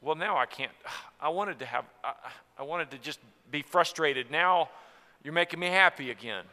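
Preacher with a bright voice in a hall. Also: male voice, on the high side, lively intonation, moderate pace. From Tennessee. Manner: earnest, swings from soft to loud. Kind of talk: sermon on marriage.

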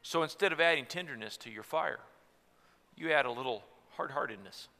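Preacher with a bright voice in a hall. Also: male voice, mid-range voice, animated, brisk. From Tennessee. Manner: earnest, swings from soft to loud. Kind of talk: sermon on marriage.

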